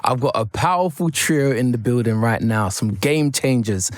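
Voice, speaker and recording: A man hosting an upbeat radio interview in a studio, energetic and hyping up his guests. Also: mid-range voice, moderate pace, dry recording. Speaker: radio host. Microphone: studio microphone.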